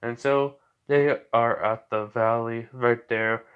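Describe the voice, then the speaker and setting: A man's voice: mid-range voice, steady tone, slow pace, clean tone, phone-quality sound. Male narrator, casual fan-story recap, rambling with fillers and self-corrections.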